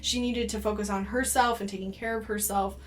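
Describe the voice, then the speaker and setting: A woman's voice: mid-range voice, fairly even intonation, fairly quick, slight background noise. A young woman giving casual advice to camera as a psychic reader, chatty and full of ums and likes.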